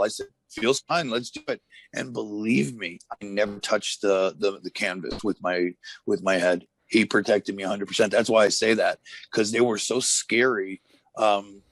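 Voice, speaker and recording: Former wrestler in his fifties, low gravelly voice, chatty and rambling, dry close recording. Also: steady tone, moderate pace, no room sound. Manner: rambling storyteller, many fillers and restarts. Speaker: interview guest, former wrestler. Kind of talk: casual shoot interview.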